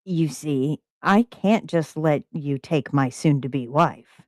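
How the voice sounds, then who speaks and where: A woman's voice: low-pitched, takes it slowly, no room sound. Woman doing a smug possessive crime boss. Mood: menacing.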